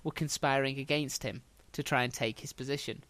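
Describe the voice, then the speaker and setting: A man's voice: mid-range voice, steady tone, a little fast, fairly bright tone, dry recording. A man hosting a podcast, telling history as a casual story with dry, wry humour.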